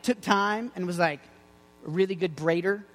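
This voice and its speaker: A man with a high voice preaching a lively, jokey sermon, tossing out playful asides as he goes. His voice rings with the long reverb of a large hall. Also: normal speed, faint music behind.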